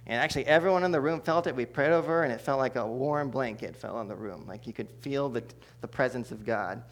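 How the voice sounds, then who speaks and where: A man delivers a sermon testimony in a mid-pitched voice. He tells the story with humor and animation, jumping to loud bursts and then dropping to hushed asides. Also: fast talker. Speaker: preacher giving testimony.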